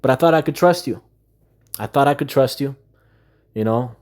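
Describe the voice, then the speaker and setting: A man in an exasperated monologue, venting his grievance and repeating rhetorical questions again and again. His speech is peppered with profanity. His voice sits at an ordinary middle pitch for a man. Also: normal speed, a little mellow. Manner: aggrieved, exasperated. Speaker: gaming video creator. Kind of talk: ranting monologue to camera.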